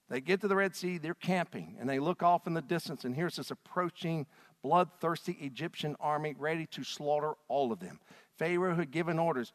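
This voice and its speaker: Dramatic preacher in a reverberant hall. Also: male voice, on the high side. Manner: dramatic storytelling, acts out quotes with big swings in loudness. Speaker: pastor. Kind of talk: sermon.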